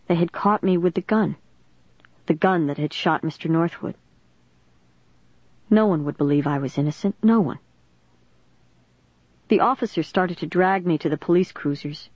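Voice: medium pitch, darkish tone, no room sound. Dry, muffled first-person audiobook narration. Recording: dry, dull lo-fi recording.

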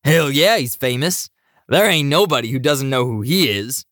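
A man voicing a burly, boisterous male college football fan who talks loudly and eagerly. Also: medium pitch, expressive, moderate pace, no echo, clean studio sound, pitched above the performer's own voice, lightly acted. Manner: brash, shouting, enthusiastic.

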